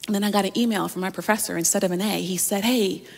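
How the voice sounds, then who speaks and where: A woman's voice: mid-range voice, fairly even intonation, racing, gravelly, long reverb tail. A woman pastor preaching a sermon, telling a personal story and often speaking straight to her listeners.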